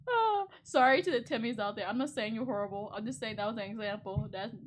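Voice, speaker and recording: A woman streamer in casual chat, rambling and laughing often as she talks. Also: fairly high pitch.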